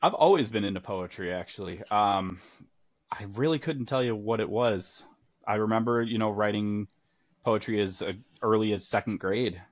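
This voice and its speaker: A man's voice: fairly low pitch, normal speed, dry recording. A man, a teacher, speaking as a podcast guest in an easygoing, hesitant way with many fillers. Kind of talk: casual interview chat.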